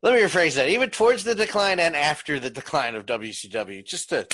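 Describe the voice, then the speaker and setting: Excitable man on a podcast. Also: a little high, brisk, no room sound. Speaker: wrestling podcast co-host. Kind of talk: casual chat.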